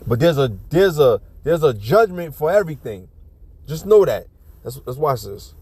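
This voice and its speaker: A man's voice: on the high side, very animated, moderate pace, a little mellow, slightly rough, no room sound. A man giving casual ranting commentary on a video clip, blunt, profane and preachy, often restarting his sentences.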